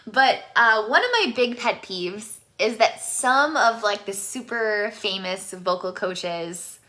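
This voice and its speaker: A woman singing teacher giving a casual live vocal lesson, chatty and quick to laugh, with allergies. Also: mid-range voice, lively intonation, bright, forceful tone. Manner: chatty, laughs often, switches between speaking and singing. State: allergies, sneezing.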